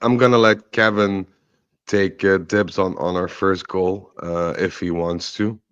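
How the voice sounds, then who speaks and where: A man talks football on a podcast in a blunt and opinionated way. His voice sits on the low side, and the sound is dry and close to the mic. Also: fairly even intonation, unhurried, fairly bright tone, smooth, dry recording, muffled recording. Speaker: podcast co-host. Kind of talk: casual football podcast chat.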